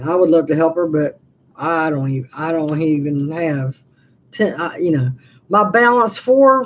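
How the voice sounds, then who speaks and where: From her living room, a sixty-something vlogger chats casually on a live stream, slight background noise behind her fairly low-pitched voice. She rambles through stories, frequently starting over.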